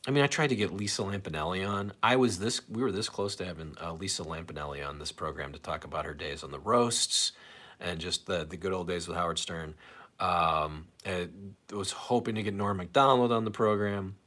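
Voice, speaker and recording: A man's voice: low voice, fairly quick, fairly bright tone. Rambling man hosting a live stream. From St. Louis area, USA. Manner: rambling, self-deprecating, reads comments aloud. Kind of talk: casual live stream chat.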